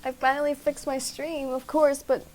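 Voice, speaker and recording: A woman streamer who reads a dating game aloud quickly, a bit out of breath and poking fun at herself. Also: high voice, level tone, background noise. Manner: fast, self-mocking reading. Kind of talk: game dialogue read-along.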